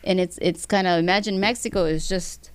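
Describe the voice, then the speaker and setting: Woman, fight promoter being interviewed; low voice, dry sound, swears freely and talks with raw feeling. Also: fairly even intonation, a little fast, smooth, no room sound. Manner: blunt, heavy swearing. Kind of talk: emotional interview talk.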